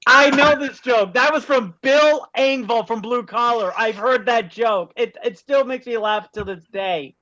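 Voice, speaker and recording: A man's voice: extremely high pitch, measured pace, hardly any pauses, pushed and bright, dull audio. A man hosting a live stream, chatting casually and telling jokes, laughing often.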